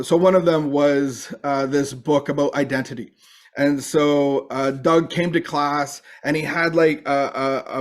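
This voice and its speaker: Man sharing his recovery story, halting. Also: on the high side. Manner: halting, with many restarts and fillers. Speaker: recovery speaker. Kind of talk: personal testimony.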